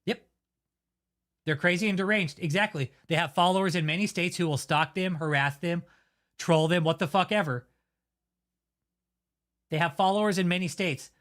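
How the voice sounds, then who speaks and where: A man's voice: sits high, normal speed, pauses often, a bit bright. A man hosting his own channel, delivering a heated, heavily profane and blunt rant of commentary. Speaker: channel host. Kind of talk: angry ranting commentary.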